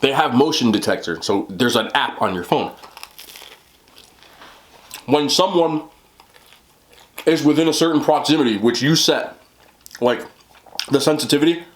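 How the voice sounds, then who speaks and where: A man's voice: medium pitch, lively intonation, a little slow, long pauses. Rambling man chatting while eating. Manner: rambling, full of "like" and "you know". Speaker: mukbang host. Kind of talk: casual chat while eating.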